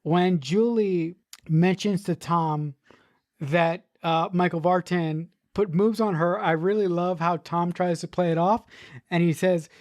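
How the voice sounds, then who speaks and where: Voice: medium pitch, fairly even intonation, a little slow, a little mellow, no echo, studio quality. A podcast co-host casually discussing a film, rambling, restarting sentences and swearing.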